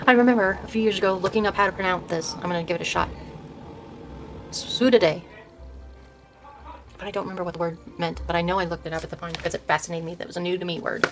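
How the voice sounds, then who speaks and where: Soft-spoken older woman reading card names. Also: lowish voice, steady tone, over music, low-quality recording. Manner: murmured, halting, trails off and restarts words; reads card names aloud one by one. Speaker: host showing her tarot deck collection. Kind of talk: soft-spoken casual deck walkthrough.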